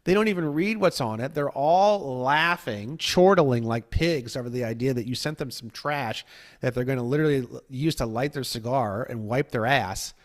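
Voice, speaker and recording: A man's voice: medium pitch, normal speed. A man in casual podcast chat, rambling and profane, acting out the people he mocks in put-on voices. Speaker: guest.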